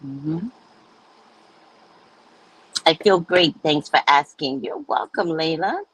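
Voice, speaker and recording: Lively, husky-voiced woman chatting. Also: low-pitched, slow pace, low-quality recording. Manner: chatty, animated, reads chat aloud. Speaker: livestream host reading viewer comments. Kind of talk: casual chat.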